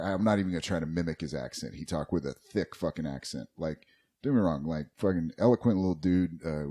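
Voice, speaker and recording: A man's voice: low-pitched, a little mellow. A man hosting a podcast, telling a long story in a rambling, profane, casual way. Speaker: podcast host.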